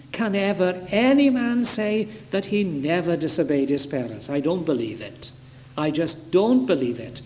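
A man's voice: a little high, darkish tone. A man preaching a sermon with emphatic, repeated phrases that build in force. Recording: reverberant hall with faint noise.

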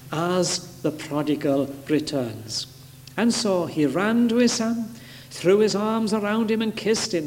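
High-pitched preacher guy hammering his points again and again, big churchy echo. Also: darkish tone. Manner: emphatic, repeating key phrases with rising force. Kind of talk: sermon. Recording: reverberant hall with faint noise.

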